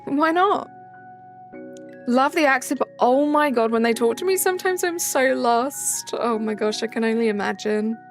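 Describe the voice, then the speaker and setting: A woman's voice: fairly high pitch, animated, normal speed, faint music behind. A young woman streaming a game, chatting casually and answering chat messages aloud.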